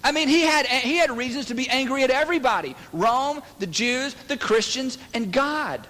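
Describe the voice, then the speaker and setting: A man's voice: very high voice, animated, moderate pace, sharp tone, in a large hall. A man preaching a sermon to a church congregation in a conversational way, acting out the voices of the people he quotes. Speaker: pastor. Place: church sanctuary.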